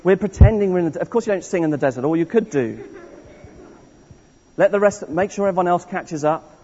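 A man's voice: high-pitched, lively intonation, brisk, warm tone, slight background noise. A man leading an interactive all-age church service, playful and encouraging as he walks the congregation through a story. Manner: playful, encouraging, restarts often. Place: large church hall. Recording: dull echoey church recording from afar.

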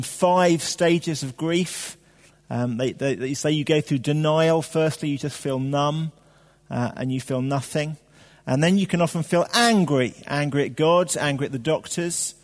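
Male preacher, chatty sermon delivery, rhetorical questions, reverberant church hall. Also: a little high. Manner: animated, conversational preaching with fillers and rhetorical questions.

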